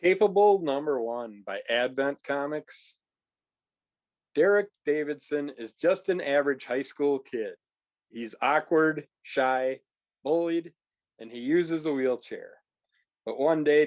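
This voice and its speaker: A man co-hosting a comic book podcast, easygoing and quick to laugh. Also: a little high, a little mellow, no room sound. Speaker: podcast co-host. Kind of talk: casual podcast chat.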